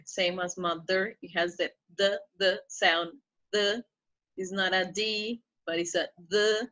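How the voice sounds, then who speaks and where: A woman teaching pronunciation in a slow, careful pace, her voice bright and clear. She stretches out each model word and keeps checking in with her listeners. The recording sounds a little dull and lo-fi. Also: mid-range voice, fairly even intonation. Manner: drawn-out model words, checks in with "okay?".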